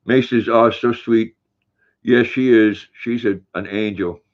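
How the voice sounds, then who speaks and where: Older male stream host, folksy and easygoing, reads chat aloud; muffled low-fi audio. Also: fairly even intonation, a little slow. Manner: folksy, reads viewer comments aloud, talks to his dog. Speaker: livestream host. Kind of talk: casual livestream chat reading comments.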